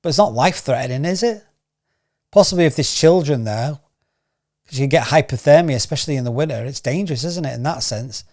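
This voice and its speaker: A man's voice: medium pitch, expressive, fast, darkish tone. A man hosting a casual news commentary channel, rambling and firing off rhetorical questions. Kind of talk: casual opinion commentary to camera.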